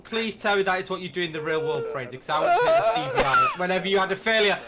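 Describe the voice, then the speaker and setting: A man's voice: sits high, wildly swooping pitch, fast, very noisy. A man co-hosting a flight simulator stream, speaking in an easygoing way with frequent fillers. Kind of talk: casual chat.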